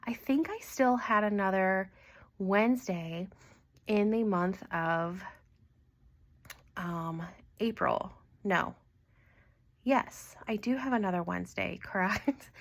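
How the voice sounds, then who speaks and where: A woman hosting a casual budgeting vlog, talking in a chatty, animated way with many ums and quick laughs. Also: medium pitch. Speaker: budgeting channel host. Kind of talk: casual cash-stuffing vlog.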